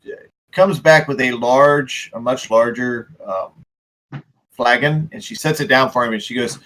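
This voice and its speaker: A man narrating as game master of a tabletop game, halting often and restarting his sentences. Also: medium pitch, fairly bright tone, low-quality recording.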